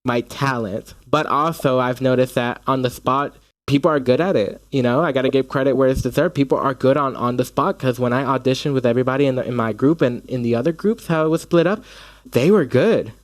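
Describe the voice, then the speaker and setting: A young man, a stage actor from the United States, chatting in an interview with animated storytelling and frequent restarts. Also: medium pitch, fairly quick, no room sound. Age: young adult. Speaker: actor guest. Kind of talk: casual interview chat.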